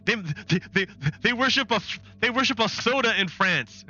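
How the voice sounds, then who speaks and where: A man's voice: high-pitched, animated, moderate pace, pushed and bright, muffled recording, voice pushed up, heavily acted. A man putting on the voice of a clueless male news pundit in an exaggerated, sneering parody. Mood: mocking.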